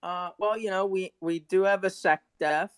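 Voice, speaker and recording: A man's voice: sits high, fairly even intonation, moderate pace, clear, resonant tone, no echo, clean studio sound. A man as a guest on a live chat, joking in a mock-official tone with many hesitant fillers. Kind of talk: joking improvised bit.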